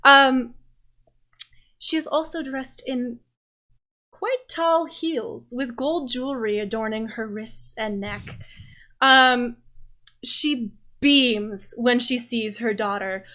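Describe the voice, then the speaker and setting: A woman's voice: a little high, takes it slowly, pushed and bright. A woman game master narrating a tabletop game in a descriptive, storytelling way.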